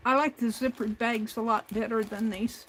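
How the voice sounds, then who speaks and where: A woman's voice: fairly high pitch, fairly even intonation, moderate pace, slight background noise. A woman hosting a craft livestream, talking herself through each step at her home desk. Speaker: craft channel host. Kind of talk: casual crafting livestream narration.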